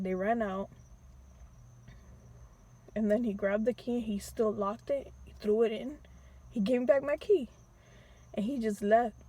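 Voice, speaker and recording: A young woman casually telling a personal story with slang, sometimes re-enacting pleas in a high, teary voice. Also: warm tone.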